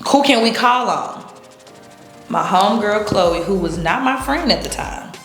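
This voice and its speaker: Woman, casual interview storytelling, animated, acts out quotes, echoey room. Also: medium pitch, a little slow, soft background music. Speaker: interview guest.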